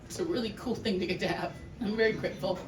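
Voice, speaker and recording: Woman giving a halting, emotional eulogy. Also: medium pitch, steady tone. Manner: emotional, halting with restarts and laughs. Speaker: family member giving a eulogy. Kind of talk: heartfelt memorial speech. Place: large hall with an audience. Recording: echoey room, distant mic, noisy.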